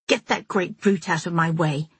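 A woman's voice: mid-range voice, expressive, moderate pace, breathy edge, no room sound. A woman voicing a hostile young woman, the narrator's sister, who speaks coldly and with biting contempt.

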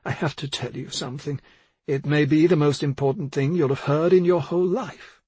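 A man's voice: on the high side, fairly even intonation, a little fast, mellow, no room sound, pitched above the performer's own voice. A man voicing a cold, calculating female doctor who speaks in a soothing, businesslike way. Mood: coolly persuasive. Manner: smooth, soothing yet businesslike.

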